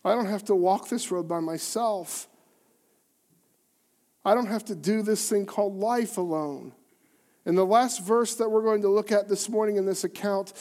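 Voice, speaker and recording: High-voiced preacher with dramatic delivery. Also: male voice. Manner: dramatic, rhetorical questions, shifts between soft and loud. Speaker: pastor. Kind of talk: sermon.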